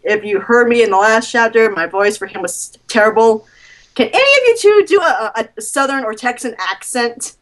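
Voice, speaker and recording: A woman's voice: fairly high pitch, expressive, normal speed, fairly bright tone, low-quality recording. Upbeat woman writer on a video call. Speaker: writer and director of an audio drama. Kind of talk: casual group call.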